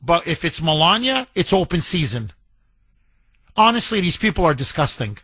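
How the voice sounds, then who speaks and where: A male talk radio host with a high, bright voice, speaking into a studio mic. His delivery is combative and insistent, firing off insults and repeated points. The sound is close and dry. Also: big pitch swings, normal speed, breathy edge, no echo. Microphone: studio microphone.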